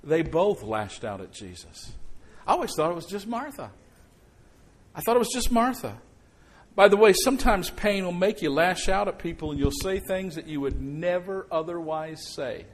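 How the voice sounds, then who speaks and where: A middle-aged male pastor preaching a conversational sermon, swinging between quiet reflection and sudden loud outbursts. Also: high voice, lively intonation, moderate pace.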